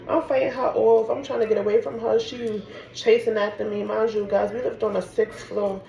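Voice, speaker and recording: A woman from Harlem, telling a personal story in a casual, animated way and peppering her talk with "like". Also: on the high side, moderate pace, vocal fry, dull audio. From Harlem, New York. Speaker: storyteller vlogger. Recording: echoey room with background noise.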